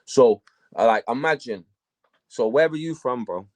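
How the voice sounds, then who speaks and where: A man, a battle rapper, telling stories in a casual interview, profane and animated. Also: medium pitch, a little slow.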